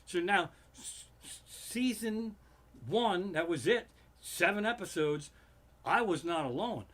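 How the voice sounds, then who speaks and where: A man hosting a comedy livestream from his living room, telling a profane story that keeps flaring into loud, swearing outbursts. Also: high-pitched, animated, slow.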